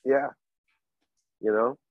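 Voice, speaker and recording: A man from Oregon chatting on a podcast, halting and rambling as he tells stories. His voice sits at an ordinary pitch. The recording is dull and dry, close to the mic. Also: steady tone, no room sound. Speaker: podcast co-host. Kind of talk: casual chat.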